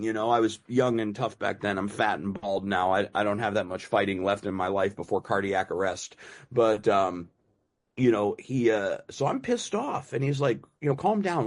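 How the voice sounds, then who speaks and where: A middle-aged man gives a personal recovery share. He talks casually, with lots of "you know" and restarts. His humor is dry and self-mocking. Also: lowish voice. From United States. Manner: conversational, many fillers and repeats. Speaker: recovery meeting speaker.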